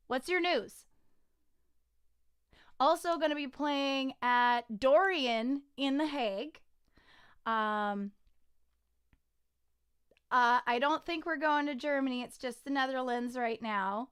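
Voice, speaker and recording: A smooth, clear-voiced woman pitched a little high chats on a casual livestream. She is a singer-songwriter, excitable and giggly, and rambles from one thought to the next. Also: a little slow, pauses often.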